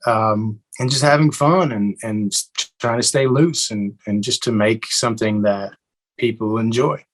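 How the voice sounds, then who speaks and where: A young adult man from Eastern Kentucky, answering interview questions in a relaxed way with many fillers and restarts. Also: fairly low pitch, unhurried, poor audio. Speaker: actor guest.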